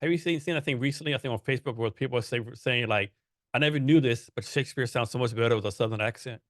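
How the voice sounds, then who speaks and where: Fast-talking rambling man host. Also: medium pitch, no room sound, clean studio sound. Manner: rambling, meandering questions with many fillers. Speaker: podcast host. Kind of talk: casual interview chat.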